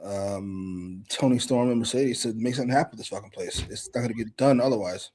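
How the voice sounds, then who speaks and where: A man's voice: mid-range voice, a little fast, darkish tone, a little hiss or hum. A man co-hosting a wrestling review, giving sarcastic, opinionated commentary in casual chat and swearing freely.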